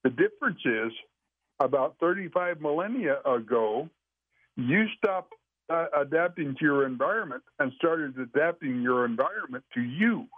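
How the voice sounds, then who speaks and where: A man's voice: a little high, lively intonation, no room sound. Older man on a tinny phone line. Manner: rambling, folksy, halting with restarts. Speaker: podcast guest sharing Sasquatch experiences. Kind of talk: casual storytelling chat.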